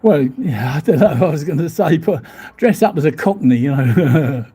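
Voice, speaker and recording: A man's voice: fairly high pitch, expressive, moderate pace, mellow, breathy edge. A man chatting casually on a live stream from a hotel room, rambling, laughing often and swearing mildly as he reads out viewer comments. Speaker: vlogger reading live chat. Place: hotel room overlooking the seafront.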